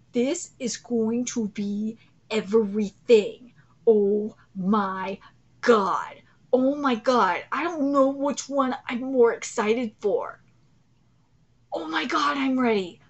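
A woman in her thirties hosting a live reaction video, swinging from loud gasping excitement to low, swearing rants. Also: highs cut off. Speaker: channel host reacting to a manga chapter.

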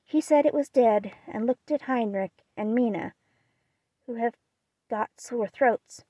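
A gentle, shy young girl, as a woman reads her, soft and earnest in manner. Her voice sits high, heard in a dry, close audiobook reading. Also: a little slow, no echo. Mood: sad.

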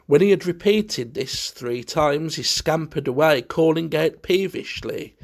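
A man narrating a ghost story in a measured, steady storytelling manner. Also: on the high side.

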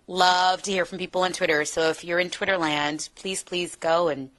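An American actress in a casual interview, talking in an animated, playful way. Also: female voice, fairly low pitch, normal speed. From United States. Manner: animated, playful, slips into accents.

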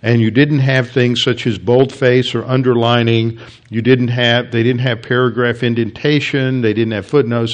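Male Bible teacher, mid pitch, halting classroom lecture with frequent fillers. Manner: halting, many restarts and fillers, explanatory.

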